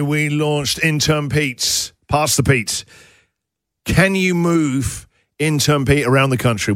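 A man hosting a radio breakfast show from the studio, teasing his co-hosts with quick comic asides. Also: medium pitch, a bit bright, no echo. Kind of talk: joking radio banter.

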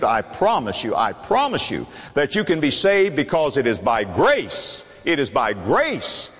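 A man preaching a sermon with impassioned, pleading delivery that swings from loud to hushed. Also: fairly high pitch, big-room sound.

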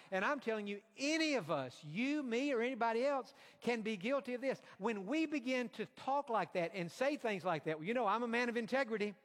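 Guy preaching a sermon, kinda high voice, long echo in the room. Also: a bit bright. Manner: earnest, slow emphatic delivery with quoted asides.

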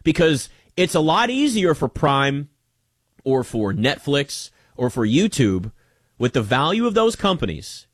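A man's voice: fairly high pitch, very animated, a little slow, dry recording, clean studio sound. Emphatic male sports talk host. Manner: emphatic, conversational, with frequent restarts. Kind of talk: casual sports commentary.

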